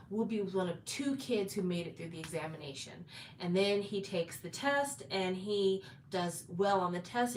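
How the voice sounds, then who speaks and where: A woman retelling a drama's plot in a chatty, casual way, with fillers and restarts. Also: mid-range voice. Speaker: drama recap host. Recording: roomy echo, distant from mic, faint background noise.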